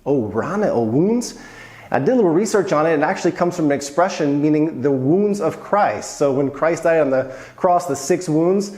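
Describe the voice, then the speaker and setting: A man's voice: on the high side, animated, moderate pace, darkish tone, roomy sound. A man explaining everyday phrases in casual talk, telling personal anecdotes along the way. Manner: chatty, tells personal anecdotes. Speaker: video host explaining Polish expressions.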